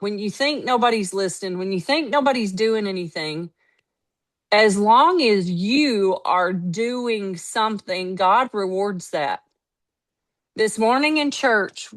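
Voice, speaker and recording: Emphatic woman telling stories. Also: medium pitch. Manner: storytelling, quoting others, lively and emphatic. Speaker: network marketing team leader. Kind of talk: casual motivational talk.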